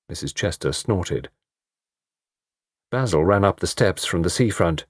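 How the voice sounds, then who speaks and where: Male audiobook narrator, low voice, husky, lively intonation, dry close sound. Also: unhurried, pauses often, dry recording. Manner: expressive, varied storytelling delivery. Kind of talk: scripted narration.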